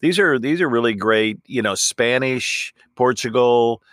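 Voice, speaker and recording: A man chatting as a podcast guest in a relaxed way, with hesitant fillers. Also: mid-range voice, a little slow, dry recording, clean studio sound. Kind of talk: casual chat.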